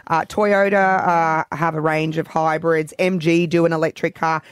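An Australian woman co-hosting a breakfast radio show, laying out facts in a steady, matter-of-fact way. Her mid-pitched voice sits close and dry on the studio mic. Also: moderate pace, clear, resonant tone, dry recording. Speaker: radio co-host. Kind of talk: casual radio banter.

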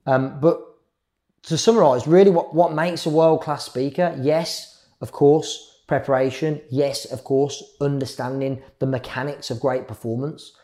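Man coaching on public speaking, dark voice. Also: mid-range voice, steady tone. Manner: varies speed and loudness, pauses for effect. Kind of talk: live workshop talk.

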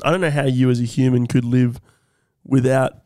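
A young Australian man co-hosting a podcast, telling stories with lively acted-out voices. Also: mid-range voice, moderate pace, no room sound, studio quality. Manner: animated storytelling, acts out voices. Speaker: podcast co-host. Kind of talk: casual chat.

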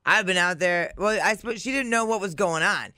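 High bright voice, radio co-host telling a story, laughs a lot, dry close mic. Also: male voice, fairly quick, clean tone, dry recording. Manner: storytelling, laughs, acts out quotes. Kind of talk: casual morning show banter.

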